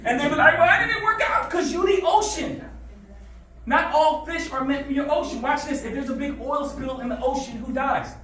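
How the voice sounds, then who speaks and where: A man giving a motivational talk to students, telling stories in a lively call-and-response way. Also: extremely high pitch, normal speed. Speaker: motivational speaker. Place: school classroom. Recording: echoey room from far off.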